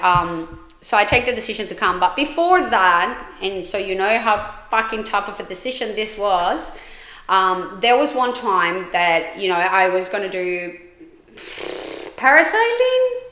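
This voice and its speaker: A woman's voice: medium pitch, pushed and bright, roomy sound. A woman hosting a podcast, telling her own story in a frank, candid way, swearing freely and often restarting her sentences. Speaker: podcast host.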